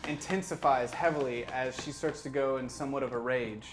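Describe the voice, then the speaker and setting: An easygoing game master guiding players through a tabletop game. He pauses often with ums as he works out rulings. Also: mid-range voice, steady tone, noisy background.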